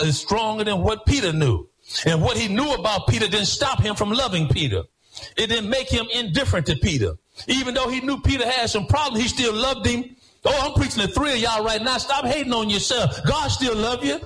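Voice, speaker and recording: High-pitched preaching man, singsong and shouted. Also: poor audio. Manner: rhythmic preaching, swings between sung and shouted phrases. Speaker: pastor. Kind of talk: sermon. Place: church.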